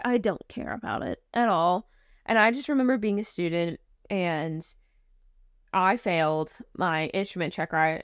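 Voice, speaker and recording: A woman's voice: fairly low pitch, smooth, no room sound, clean studio sound. A woman flight instructor co-hosting a podcast, talking candidly and chattily about her students with some self-deprecating humor. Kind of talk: casual chat.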